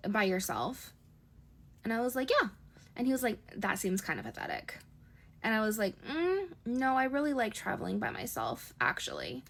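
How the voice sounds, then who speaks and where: Woman, storytime, rapid chatty delivery, mid-pitched, quoting others in her own voice. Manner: quick, chatty retelling with quoted dialogue. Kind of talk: casual storytime.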